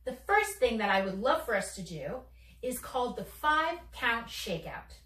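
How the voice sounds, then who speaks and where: Young woman teaching a kids theater class, high swoopy voice, kinda far off, echoey room. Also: big pitch swings. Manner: bright, encouraging, slow and playful, talks straight to children. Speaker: children's theater teaching artist. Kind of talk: leading kids' theater warm-up games.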